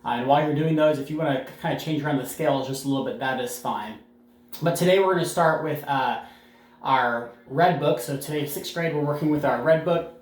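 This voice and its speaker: Relaxed band teacher in an echoey room. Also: male voice, fairly high pitch, a little fast. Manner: relaxed explaining with frequent uh fillers, counting beats aloud. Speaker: middle school band teacher. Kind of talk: recorded music lesson.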